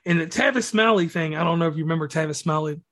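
Male podcast host, fairly high pitch, rambling slangy praise. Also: very fast, a bit bright. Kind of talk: casual interview talk.

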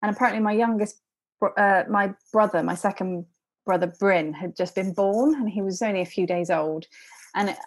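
A woman's voice: mid-range voice, moderate pace. Chatty woman guest. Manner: chatty, laughs while telling stories. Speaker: podcast guest. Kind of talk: casual podcast storytelling.

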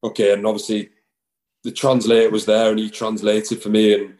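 A man's voice: fairly low pitch, monotone, normal speed, a little mellow, low-quality recording. A man, a rugby player chatting casually in an interview, rambling with lots of fillers and restarts. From England.

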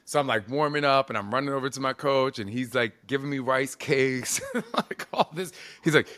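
A man in his forties telling stories in a casual interview, animated and expressive, peppering his speech with "like" and the odd swear word. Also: medium pitch, fairly quick. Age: 40s.

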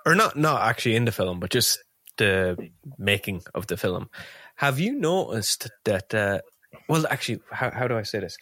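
A man's voice: on the low side, very animated, normal speed, bright, forceful tone, no room sound. A man co-hosting a podcast, chatting casually about films with rambling, swearing asides. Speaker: podcast co-host. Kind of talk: casual film podcast chat.

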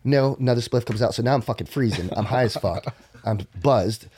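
A man's voice: brisk, husky. Guy on a podcast telling a wild story, swears a lot, voice goes way up when he quotes people and down to a whisper. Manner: animated, profane, drops into whispers and high quoting voices. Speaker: podcast guest. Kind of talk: casual storytelling.

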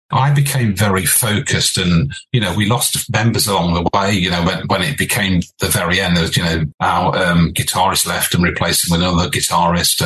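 An older English man, a podcast guest, telling animated anecdotes with laughs and restarts. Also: low voice, rough recording. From England. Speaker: podcast guest, former band leader. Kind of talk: storytelling interview.

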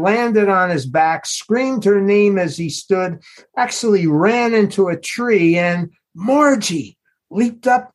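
Male author-narrator, unhurried literary reading, slightly husky tone. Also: sits high. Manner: measured, unhurried storytelling. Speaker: author reading his novel.

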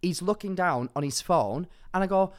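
A young Englishman with a high-sitting voice co-hosts a podcast, speaking at normal speed. He tells a story animatedly in casual chat, acting out what people said.

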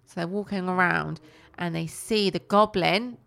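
A woman, chatting casually as a co-host and retelling a cartoon plot with lively, playful put-on voices. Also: normal speed, creaky. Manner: animated storytelling with squeaky put-on character voices. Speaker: podcast co-host.

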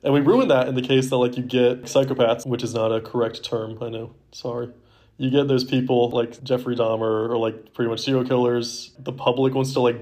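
A man's voice: mid-range voice, darkish tone. Rambling young man who says "like" a lot. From Baltimore area, US. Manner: rambling, heavy use of "like". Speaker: podcast co-host. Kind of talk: casual chat.

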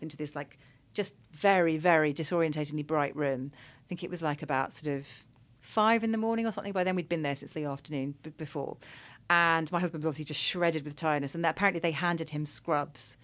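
Woman, thirties, casual chat, animated, laughs often. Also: sits low. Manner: animated storyteller, laughs often, acts out quotes. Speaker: podcast guest telling her birth story.

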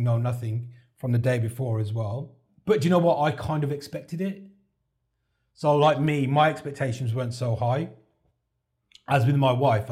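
Speaking in a mid-range, slightly mellow voice, a man who had a heart transplant shares his story as a podcast guest. The talk is casual interview storytelling, chatty in manner, and he relives moments by voicing quoted dialogue from others.

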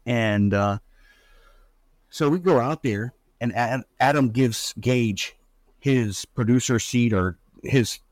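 Middle-aged man, casual animated storyteller, dry sound. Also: takes it slowly, no room sound. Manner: animated, acts out quotes with pitch jumps. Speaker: father telling a story.

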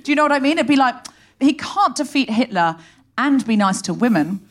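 On a live theatre stage before an audience, a female comedy host delivers a monologue with rapid comic storytelling, animated and sardonic. Her voice is somewhat high.

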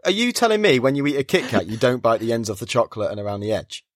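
A man's voice: medium pitch, sing-song, fast, dry recording, clean studio sound. A man co-hosting a podcast, chatting casually and acting out characters' lines as he retells scenes. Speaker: podcast co-host.

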